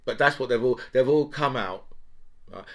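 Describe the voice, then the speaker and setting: A man's voice: mid-range voice, moderate pace. A middle-aged man, ranting sarcastically about politics in casual talk, with mocking laughing asides. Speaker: political commentary host.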